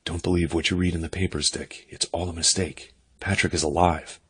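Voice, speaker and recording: Guy putting on a fragile young man, soft and hushed, calm on the surface, low husky voice. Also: moderate pace, heavily acted. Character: grieving lost young man, fragile and in denial.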